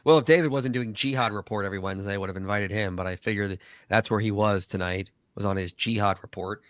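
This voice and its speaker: A man's voice: fairly low pitch, fast, no room sound. A man hosting a casual live stream, reading chat comments and joking, with a voice that tends to crack. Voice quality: voice cracks often. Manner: animated, joking, quotes others in put-on voices.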